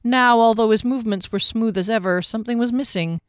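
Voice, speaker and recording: A woman reading a fantasy novel aloud in a steady storytelling manner. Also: on the high side, a little fast, smooth, dry recording, studio quality. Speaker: narrator.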